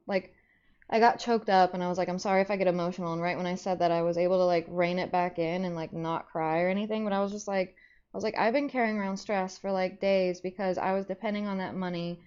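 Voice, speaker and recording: A young woman streaming live and chatting casually with her viewers. She rambles through her stories in a middle-pitched voice full of "like" fillers. The audio sounds slightly dull and lo-fi. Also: a little mellow, clear, resonant tone. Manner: bursts into high squeaky greetings to chat.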